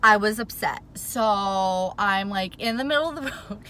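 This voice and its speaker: A flustered woman rambles through a casual storytime vlog from her car, her voice bright and a little sharp. She is still worked up and fills every pause with "like." A faint background hum sits under her talk. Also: mid-range voice. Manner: animated, rambling, says "like" a lot. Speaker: vlogger.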